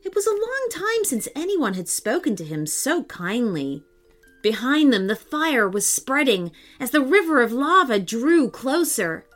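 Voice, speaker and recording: A woman storyteller narrating a children's story in an expressive, lilting way. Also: sits high, measured pace. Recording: soft background music.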